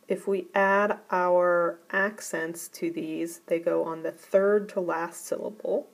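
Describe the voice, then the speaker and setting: A woman teacher giving a recorded grammar lesson, explaining rules in a careful, deliberate way. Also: fairly low pitch, fairly even intonation, rough recording.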